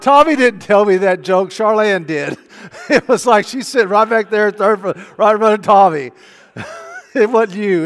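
A middle-aged man preaching a sermon, telling a story conversationally and moving between hushed and loud delivery. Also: high voice. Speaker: pastor. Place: church sanctuary. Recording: long church hall reverb.

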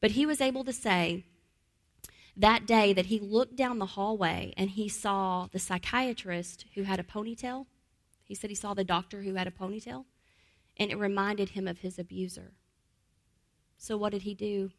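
A woman giving a teaching talk as a trauma-informed trainer, repeating key phrases and dropping into a calm, soft voice to model soothing words. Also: mid-range voice, moderate pace.

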